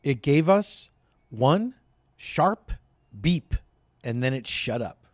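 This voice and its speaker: A man co-hosts a home podcast with a mid-pitched voice. His pitch rises and falls a lot as he makes wry, dry remarks. The recording is close and dry. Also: big pitch swings, slow, dry recording. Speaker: podcast co-host. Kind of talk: casual chat. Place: home, indoors.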